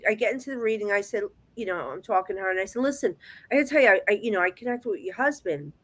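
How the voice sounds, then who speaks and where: A woman working as a psychic medium, telling stories in a chatty, animated way on a video call. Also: mid-range voice. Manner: chatty, animated storyteller with frequent restarts. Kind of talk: casual storytelling chat.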